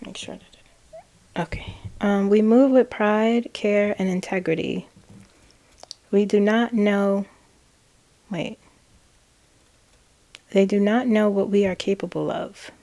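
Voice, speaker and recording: A woman tarot reader relaying channeled messages, slow and hesitant, with frequent ums and self-corrections. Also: mid-range voice, steady tone, warm tone.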